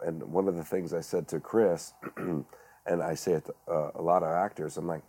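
A man's voice: sits low, steady tone, normal speed, mellow. A man, a director and actor, talking earnestly in a casual podcast chat, with frequent restarts and fillers. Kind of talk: casual conversation.

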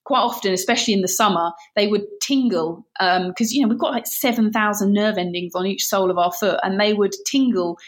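A woman's voice: medium pitch, brisk, hardly any pauses. Chatty British woman telling stories. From Britain. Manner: chatty, laughs at her own stories, many restarts. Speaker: guest, barefoot runner. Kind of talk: animated storytelling interview.

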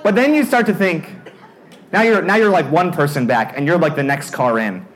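A young man preaching in a casual storytelling way. His voice rides up high and swoops back down as he acts out his own panic, and his pitch sits a bit above most men's. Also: animated, normal speed. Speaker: youth pastor. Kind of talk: storytelling sermon.

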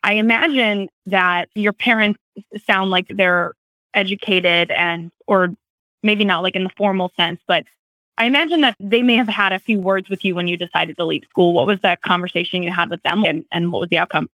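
A woman's voice: lowish voice, normal speed, fairly bright tone, dry recording, poor audio. Thoughtful woman interview host. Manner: thoughtful, reflective questions with fillers. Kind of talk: casual interview.

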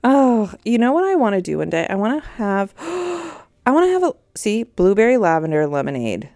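A woman's voice: fairly high pitch, very animated, moderate pace, warm tone, dry recording, clean studio sound. A woman in her thirties hosting a podcast in a rambling, chatty way, easily sidetracked mid-sentence. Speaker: podcast host. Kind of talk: casual chat.

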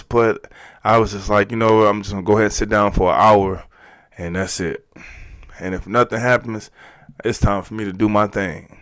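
Halting, heartfelt man telling his story. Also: lowish voice, steady tone, fairly bright tone, dry recording. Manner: emotional, halting, repeats words. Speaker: podcast guest. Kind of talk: candid storytelling.

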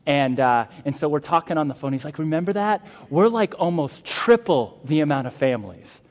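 A man's voice: a little high, lively intonation, brisk, darkish tone. A man preaching a sermon as a pastor, earnest and emphatic, with fillers and restarts. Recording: long hall reverb.

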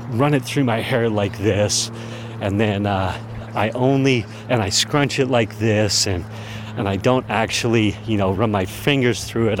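A man with a fairly low voice spins a casual, animated story for his podcast audience. He chuckles now and then as he talks, with a faint hum of noise behind him. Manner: animated, chuckling anecdote teller. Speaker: podcast host.

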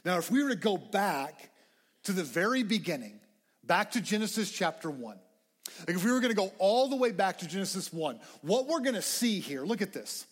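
A young man preaching a conversational, excitable sermon to students, often restarting his phrases. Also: high voice, fairly quick, breathy edge. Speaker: campus minister. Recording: hall reverb.

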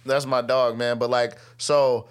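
A young man telling a story in casual chat, slangy and animated, acting out what people said and laughing often. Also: mid-range voice, measured pace, clean tone. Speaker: guest, rapper.

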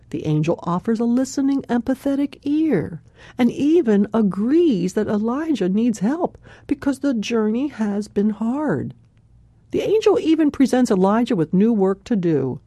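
A woman hosting a devotional radio program, telling a Bible story in a warm conversational way, with a laugh here and there. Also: medium pitch, dry recording.

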